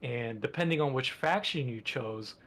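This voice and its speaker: A man's voice: medium pitch, normal speed, a bit bright. Rambling enthusiastic man on a podcast. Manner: rambling and enthusiastic, many fillers. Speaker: podcast co-host. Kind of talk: casual podcast chat.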